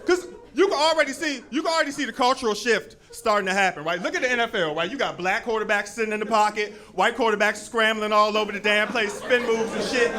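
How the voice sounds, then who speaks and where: Very high-voiced man doing emphatic stand-up. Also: fast, few pauses. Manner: emphatic, keeps checking in with the crowd. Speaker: stand-up comedian. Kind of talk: stand-up comedy. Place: comedy club stage. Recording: club stage with loud crowd noise. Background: audience laughter.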